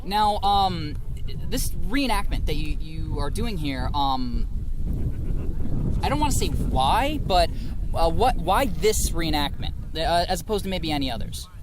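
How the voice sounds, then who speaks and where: A man's voice: on the high side, expressive, unhurried. A man co-hosting a casual interview outdoors at a historic fort, joking and chatty. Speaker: co-host. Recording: outdoor background noise.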